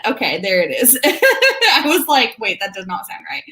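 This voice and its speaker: A woman's voice: a little high, huge pitch swings, normal speed, pushed and bright. A young woman hosting a writing livestream, chatting casually and bubbly with viewers. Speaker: writing channel host. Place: home room. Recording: echoey room.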